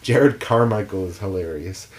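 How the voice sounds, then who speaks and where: A man co-hosting a podcast in casual film chat, animated and rambling in long run-on opinions. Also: low voice, normal speed. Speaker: podcast co-host.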